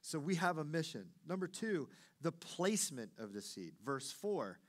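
Male pastor, sermon delivery, lively storyteller who acts out every quoted voice. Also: on the high side, moderate pace.

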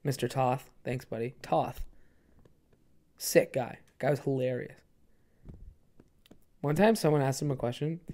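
A man's voice: mid-range voice, steady tone, a little slow, long pauses, mellow. A man in his twenties hosting a comedy podcast, rambling casually and swearing. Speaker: podcast host.

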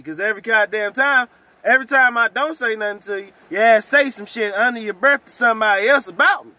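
A man ranting in a profane, heated vlog about trouble at work, swinging from loud outbursts to low mutters. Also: dry recording. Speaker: vlogger.

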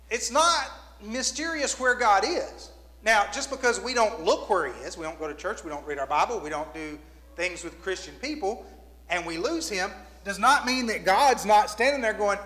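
High-voiced preacher in a reverberant church. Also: male voice, lively intonation, normal speed, sharp tone. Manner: storytelling, acts out quoted voices. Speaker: pastor. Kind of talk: sermon. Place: church sanctuary.

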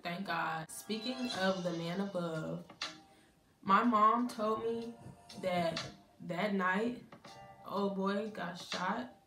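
A woman's voice: mid-range voice, fairly bright tone, echoey room. A young woman telling her college story in a candid, conversational way, acting out her family's lines as she goes. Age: young adult. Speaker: college student vlogger. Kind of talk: casual storytime.

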